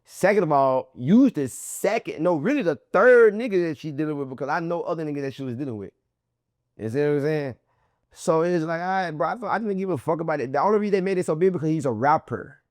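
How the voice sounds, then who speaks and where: A man's voice: a little high, fast, no room sound, studio quality. A man being interviewed, telling a long story in loose, profane street slang and acting out what people said. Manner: animated, profane street slang, acts out quotes. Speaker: interview guest. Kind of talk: casual storytelling.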